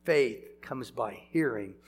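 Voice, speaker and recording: A man's voice: mid-range voice, lively intonation, slow, faint music behind. An older man preaching a sermon, conversational, with chuckles and sudden emphatic swells.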